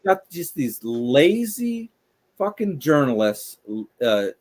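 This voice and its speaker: A man in casual podcast chat, blunt and emphatic, swearing often and talking quickly. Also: a little high, sing-song, darkish tone. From United States. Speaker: co-host.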